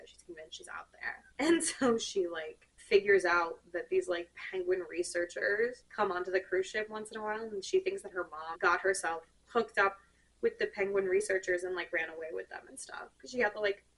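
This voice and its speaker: A young woman reviewing books she hated, in an animated, sarcastic, rambling way, full of "like". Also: on the low side, fairly quick, gravelly, distant mic, slight background noise, poor audio. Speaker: book reviewer. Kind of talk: casual rant.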